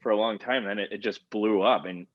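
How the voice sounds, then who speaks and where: A man co-hosting a casual podcast, talking in a relaxed way and laughing easily. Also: lowish voice, brisk, dry recording. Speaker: podcast co-host. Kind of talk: casual chat. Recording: dull lo-fi sound.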